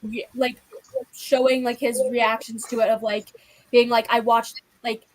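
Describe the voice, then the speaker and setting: A young woman in an easy, rambling chat about books, slipping in filler after filler. Her voice sits a little high, and the sound is close and dry, with no room around it. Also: little pitch movement, unhurried, no echo, low-quality recording. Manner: rambling, heavy use of filler like. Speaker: booktube host. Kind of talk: casual chat.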